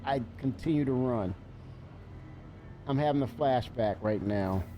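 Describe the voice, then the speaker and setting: A man's voice: medium pitch, measured pace, muffled recording, a little hiss or hum. A man streaming a video game live, chatting loosely, cursing and laughing at what happens on screen. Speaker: livestreamer. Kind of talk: live gameplay stream commentary.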